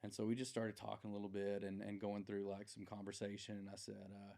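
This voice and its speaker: A man's voice: fairly low pitch, monotone, fast talker, vocal fry, few pauses, warm tone. A man in his forties, a podcast guest, telling a long anecdote in a casual, rambling way with plenty of fillers. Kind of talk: casual storytelling.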